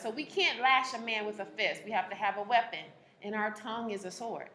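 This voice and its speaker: A woman relationship coach speaking to a live audience, animated, laughing often and acting out the people she quotes. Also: on the high side, a little fast, few pauses, crowd noise.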